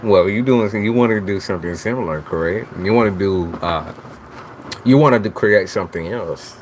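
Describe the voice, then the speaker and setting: A man's voice: on the low side, normal speed, slight background noise. Teasing man chatting live with viewers. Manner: teasing, profane, talks straight to chat. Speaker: tarot reader host. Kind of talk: casual live-stream chat with viewers.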